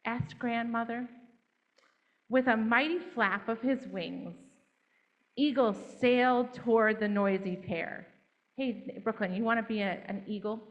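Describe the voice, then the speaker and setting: A woman telling a children's fable in a gentle, interactive way, drawing the children in to join. Her voice is fairly high, and the recording is dull and lo-fi. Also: measured pace. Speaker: church storyteller. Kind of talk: storytelling to children.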